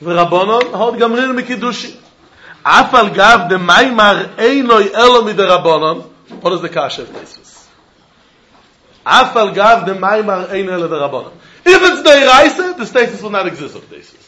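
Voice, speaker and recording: A man giving a Talmud lesson in a lively, questioning way, mixing Yiddish terms into his English. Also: high voice, fairly quick. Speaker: Talmud teacher. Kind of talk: yeshiva-style Talmud lesson. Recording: dull echoey room with faint noise.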